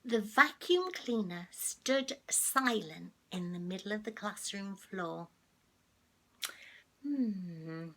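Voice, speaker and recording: Grandmother storyteller, over 60, slow and animated, slight gravel. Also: medium pitch. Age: older. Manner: animated, gasping asides to young listeners. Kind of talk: children's story read-aloud.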